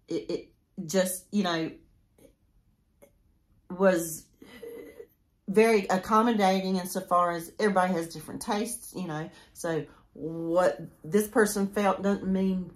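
A woman in her sixties chatting casually to camera as a crochet vlogger, rambling and interrupting herself as she goes. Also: lowish voice. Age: 60s.

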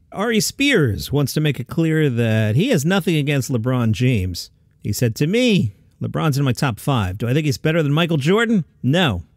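A man hosting a daily comedy news podcast, reading listings and adding quick casual asides. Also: mid-range voice, a little mellow, no room sound. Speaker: podcast host.

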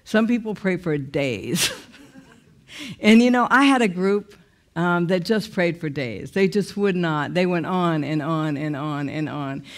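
A woman's voice: fairly low pitch, a little slow. Woman telling her testimony with raw emotion. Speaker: speaker sharing a personal testimony. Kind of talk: personal testimony talk.

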